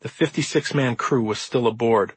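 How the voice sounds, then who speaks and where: A man reading the introduction to his own nonfiction book as an audiobook, in measured, earnest storytelling. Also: mid-range voice, breathy edge, no room sound, low-quality recording. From Midwestern United States. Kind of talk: audiobook narration.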